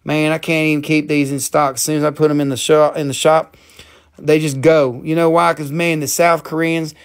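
A man hosting a live crystal sale, talking in an excitable, profane way with sudden jumps in pitch. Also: a little fast, vocal fry. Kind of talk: excited live sales chat.

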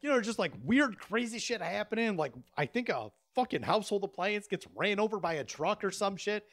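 Podcast host, man in his thirties; animated, profane storyteller. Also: high-pitched, brisk. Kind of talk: casual podcast banter.

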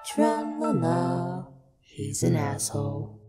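A woman voicing a cryptic hooded river ferry monster who talks in slow riddles and sing-song nonsense. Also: on the low side, sing-song. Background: music.

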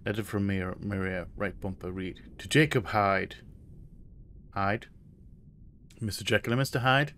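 A man's voice: on the low side, fairly bright tone, a little hiss or hum. A man giving let's play commentary on a horror game: he reads notes aloud, jokes nervously, jumps at scares and swears often. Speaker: streamer playing a horror game.

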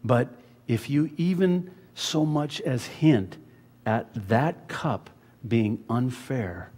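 A man preaching a sermon as pastor, dropping to hushed words and rising to loud emphasis. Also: medium pitch, takes it slowly, in a large hall. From USA. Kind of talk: expository sermon. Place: church sanctuary.

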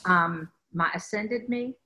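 A woman's voice: lowish voice, slow pace, pushed and bright, poor audio. A woman from the US South, a spiritual teacher, talking with emphasis in a rambling way, often restarting her sentences. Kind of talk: spiritual talk in conversation.

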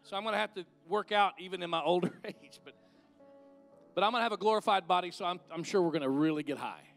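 A man's voice: high voice, fast talker, vocal fry, fairly bright tone, soft background music. A middle-aged man, preaching a conversational sermon and leading an altar call. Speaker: guest minister.

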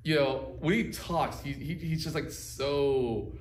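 A man's voice: a little high, takes it slowly. A man co-hosting a casual chat, rambling loosely with lots of fillers. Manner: rambling, loose, many "like" and "you know" fillers. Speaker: podcast co-host. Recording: roomy echo, distant from mic, faint background hum.

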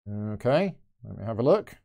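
Mellow-voiced man thinking aloud. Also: lowish voice, sing-song, normal speed, creaky. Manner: chatty, thinking aloud while moving pieces. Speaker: board game channel host. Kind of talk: live solo board game playthrough commentary.

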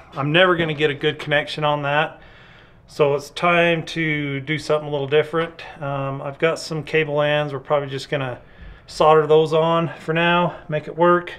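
Working on an old truck in his garage and out in the yard, a male mechanic vlogger keeps up casual shop talk to the camera. His voice sits on the high side and sounds a bit bright, and his manner is relaxed, practical and full of dry humor.

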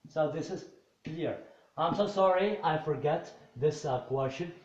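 A man teaches a bilingual English lesson, patiently repeating phrases and switching to Arabic to translate. His voice is on the high side and darkish, at a measured pace, in a roomy, slightly dull recording.

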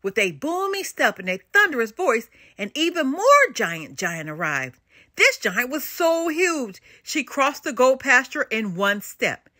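Older woman, animated and bright storyteller. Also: high-pitched, measured pace, no room sound, clean studio sound. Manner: expressive and animated. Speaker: storybook reader. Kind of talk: children's read-aloud narration.

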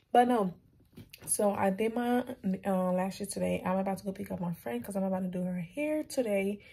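A young woman in her late teens vlogging at home in casual, chatty, upbeat talk full of slang, now and then dropping into soft whispery asides. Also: medium pitch, gravelly, slightly rough, poor audio. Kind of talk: casual vlog chat to camera.

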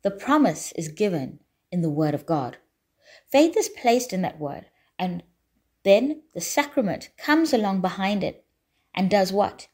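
A woman preaching a sermon in a church, deliberate and emphatic, repeating key phrases for weight. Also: medium pitch, big pitch swings, darkish tone, breathy edge.

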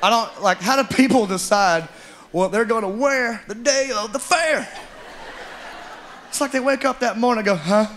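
A man doing a stand-up comedy set, drawling and animated. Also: very high voice, normal speed, pauses often. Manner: drawling storyteller, animated and loud, mimics characters. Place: comedy club stage with live audience. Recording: live club recording, audience noise.

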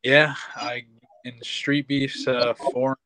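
A man's voice: mid-range voice, level tone, takes it slowly, crowd noise, low-quality recording. A man who is a guest fighter, speaking in a laid-back, modest way in an interview. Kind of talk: casual interview.

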